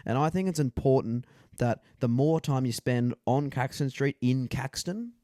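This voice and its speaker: A young man speaks in a mid-pitched, mellow and darkish voice. He talks in a mock-motivational tone and echoes his co-host. The recording is dry and close. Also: moderate pace. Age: young adult. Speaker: podcast co-host. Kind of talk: casual banter podcast.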